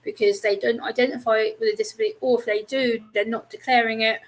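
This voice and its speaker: A woman's voice: a little high, little pitch movement, fast, poor audio. A woman guest on a casual live-stream chat, speaking candidly and frankly with easy laughs.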